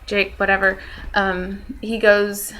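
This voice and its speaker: A woman's voice: mid-range voice, completely flat delivery, takes it slowly, a bit bright, a little hiss or hum, poor audio. A young woman chatting casually in a vlog, rambling with lots of fillers and poking fun at herself. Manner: self-deprecating. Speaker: vlogger. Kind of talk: casual chat.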